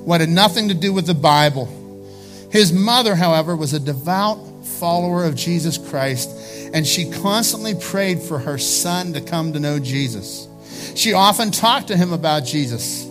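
A man's voice: on the high side, a bit bright. A male pastor preaching a sermon, impassioned, rising to pleading peaks.

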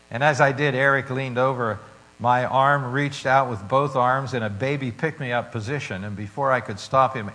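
A man's voice: medium pitch, rough recording. Man preaching a storytelling sermon. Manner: dramatic storytelling with shifting loudness. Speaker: pastor.

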